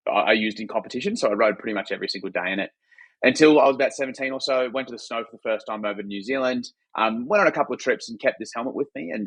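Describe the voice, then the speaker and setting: A man's voice: fairly low pitch, fairly bright tone, no echo. A young Australian man, a company founder and podcast guest, telling his story in an easygoing way. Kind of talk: casual interview.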